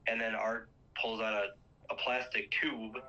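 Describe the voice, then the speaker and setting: A man's voice: on the low side, flat delivery, measured pace, sharp tone, highs cut off. A man casually retelling a movie's plot, rambling with lots of fillers and acting out quoted lines.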